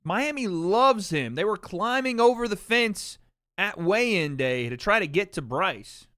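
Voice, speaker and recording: A man's voice: sits high, expressive, a little slow, fairly bright tone, no room sound, clean studio sound. A man hosting a livestream watch party in casual chat, brash and opinionated, swearing freely.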